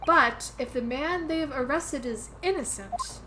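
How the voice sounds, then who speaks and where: A woman's voice: high voice, animated, unhurried, background noise, voice pushed up. A woman reading a courteous, reassuring young female assistant in a video game.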